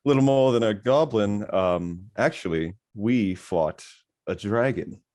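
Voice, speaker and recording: A man's voice: fairly low pitch, a little slow, a little mellow, no echo. Hesitant man at a dry mic. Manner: hesitant, many fillers. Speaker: player. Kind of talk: casual tabletop play.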